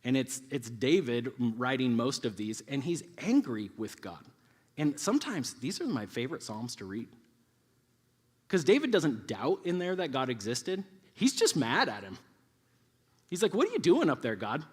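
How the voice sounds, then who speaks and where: Animated male preacher in a reverberant hall. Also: medium pitch, a little slow, slightly rough. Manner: animated, conversational, acts out quoted voices. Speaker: youth pastor. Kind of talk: sermon.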